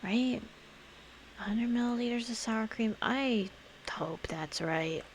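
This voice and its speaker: A woman's voice: a little high, takes it slowly, a little hiss or hum. A woman streamer chatting casually while playing a game, thinking aloud and murmuring to herself.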